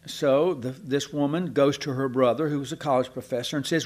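A man's voice: mid-range voice, fairly even intonation, fairly quick. An older man preaching a sermon, telling church history as stories with asides and restarts.

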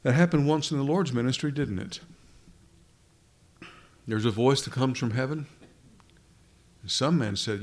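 A man's voice: mid-range voice, measured pace, long pauses. Male preacher, mid-range voice, talks to the room casually, stumbles and restarts often. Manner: conversational, addresses listeners directly, frequent restarts. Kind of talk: sermon.

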